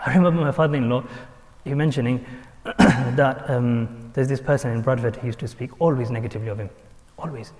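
A man's voice: medium pitch, brisk, darkish tone. A man giving an earnest sermon, repeating his points and mixing in Arabic and Urdu terms. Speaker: Islamic preacher. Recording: long hall reverb.

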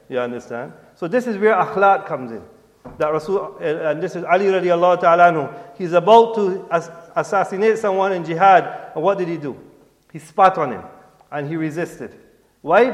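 A middle-aged man preaching to a mosque congregation in an earnest, exhorting way. He quotes Arabic, translates it, and keeps asking his listeners whether they understand. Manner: code-switches, often asks "you understand?", quotes Arabic and translates it; earnest, exhorting, voice falls low at the end of points. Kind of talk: sermon. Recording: long reverb of a large hall.

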